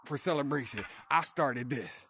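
A young man talks smack while playing VR hockey, boastful and full of slang, breaking into laughter between lines. His pitch sits in a middle range for a man, and his headset mic carries a faint hiss of background noise. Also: lively intonation, normal speed, a bit bright. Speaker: VR hockey player. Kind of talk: casual trash talk while gaming.

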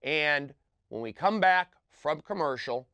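A man hosting his own comedy show, talking in earnest, clipped bursts that drop off without warning. His voice sits high and sounds bright and clean. The recording is close and dry. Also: animated, smooth, dry recording. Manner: halting, earnest, clipped phrases with sudden drops in volume. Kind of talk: self-serious comedic monologue.

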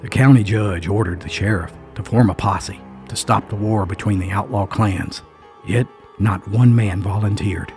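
A man with a fairly low voice narrates a grim tale in a suspenseful, folksy storytelling manner. He punctuates the story with emphatic little asides, and soft music plays faintly underneath. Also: steady tone, moderate pace. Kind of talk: dramatic scripted narration.

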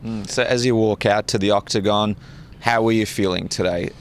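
Low-voiced male interviewer. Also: steady tone, normal speed, slight background noise. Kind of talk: post-fight interview.

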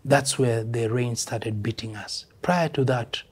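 A man's voice: mid-range voice, unhurried, slightly rough. An older man with a Kenyan accent, a veteran musician speaking bluntly and emphatically in a casual interview, dropping in Swahili phrases.

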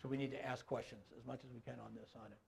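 Racing through his talk, a middle-aged man teaches an audience about dementia care in a conversational style, regularly checking in with listeners and adding filler phrases. His medium-pitched voice is creaky, husky, and darkish, with fairly even intonation.

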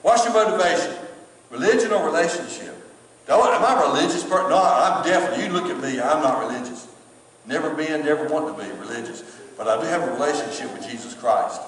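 Preacher guy, kinda high voice, telling stories and repeating himself for emphasis, mic far off in a big echoey church. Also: lively intonation, quick pace, a little hiss or hum. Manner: conversational storytelling with emphatic repetition. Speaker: pastor. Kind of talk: sermon. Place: church sanctuary.

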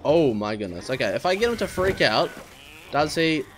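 A man hosting a let's play, talking to himself and his viewers, puzzled and exasperated, with high squeals when surprised. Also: big pitch swings, normal speed, a bit bright, slight background noise. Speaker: gaming channel host.

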